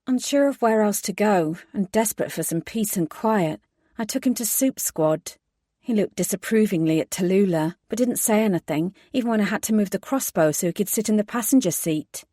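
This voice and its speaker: A woman's voice: medium pitch, mellow, dry recording, clean studio sound. A woman reading a first-person audiobook, narrating steadily and giving the heroine's lines emphatic force. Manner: measured narration with emphatic dialogue.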